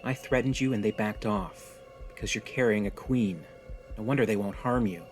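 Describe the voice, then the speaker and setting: A man's voice: fairly low pitch, moderate pace, soft background music, close to an everyday voice. A man voicing a tough, jaded young woman stranded on an alien world, speaking bluntly and wearily. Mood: tense. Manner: blunt, weary, resigned.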